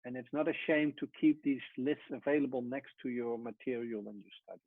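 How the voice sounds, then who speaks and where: A man teaching a Hebrew lesson at a whiteboard, explaining step by step and often trailing off softly. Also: medium pitch, brisk, dry recording. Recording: tinny phone-like sound.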